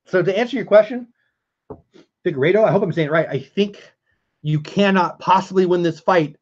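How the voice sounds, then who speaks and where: A man's voice: high voice, brisk, highs cut off. A man hosting a casual live stream, chatting with viewers and answering chat as he goes.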